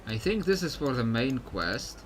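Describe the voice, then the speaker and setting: A man's voice: mid-range voice, very animated, moderate pace, a little hiss or hum. A man streaming a game, chatting casually and thinking aloud as he clicks through quests. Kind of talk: casual let's-play commentary.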